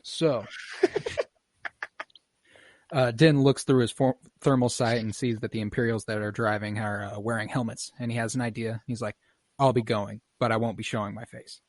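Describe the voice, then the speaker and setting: A young man hosting a casual podcast, retelling scenes in a relaxed, profane way with quick quoted lines. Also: mid-range voice, no echo. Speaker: podcast host. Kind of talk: casual podcast chat recapping a show.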